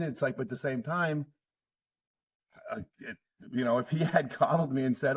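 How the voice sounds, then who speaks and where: A man's voice: mid-range voice, normal speed, long pauses, recorded from a distance. A middle-aged man hosting a casual conversation, telling stories and laughing often. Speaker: podcast host.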